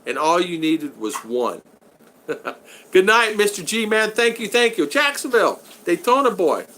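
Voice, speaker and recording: A man's voice: sits high, sing-song, measured pace, sharp tone. A middle-aged man hosting a casual live stream, chatty, laughing often and thanking viewers over and over. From Florida. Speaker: live stream host reading super chats.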